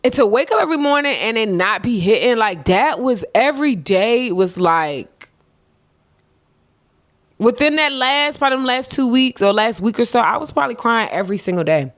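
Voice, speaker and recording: A woman's voice: lively intonation, normal speed, a bit bright, no echo. Young woman vlogging storytime, calls everyone girl, dry close mic. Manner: chatty, talks to viewers as "girl" and "y'all"; reflective, swings high and low in pitch. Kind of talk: casual storytime to camera.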